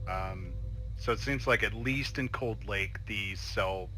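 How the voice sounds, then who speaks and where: A man narrating a tabletop game as game master in a casual, halting way. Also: fairly low pitch, bright, forceful tone, faint music behind. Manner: casual, hesitant with fillers.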